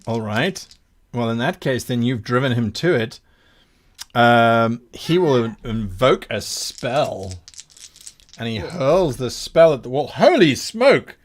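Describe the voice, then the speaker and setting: A man running a tabletop game as game master, narrating scenes in a measured way with fillers. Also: medium pitch, lively intonation.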